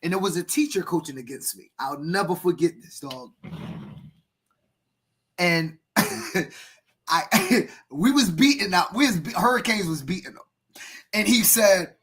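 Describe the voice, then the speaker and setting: Husky, emphatic coach holding forth. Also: male voice, sits high, animated, normal speed. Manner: emphatic, preachy, bursts into shouting. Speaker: youth football coach, podcast co-host. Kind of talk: animated podcast storytelling.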